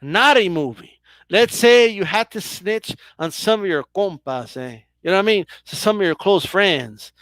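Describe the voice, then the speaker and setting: A man hosting a comic interview, teasing his guest and repeating a jab in slow, drawn-out words. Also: sits high, lively intonation, a bit bright, dry recording. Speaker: host.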